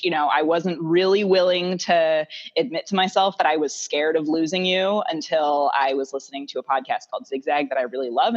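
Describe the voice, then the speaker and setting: A woman co-hosting a podcast, talking in an earnest, reflective way in a heartfelt conversation. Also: low-pitched. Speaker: podcast co-host. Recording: dull lo-fi sound.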